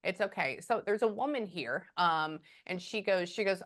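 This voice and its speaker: A woman giving a psychic reading over a video call, halting often with quiet murmured asides. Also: fairly low pitch. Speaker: psychic medium.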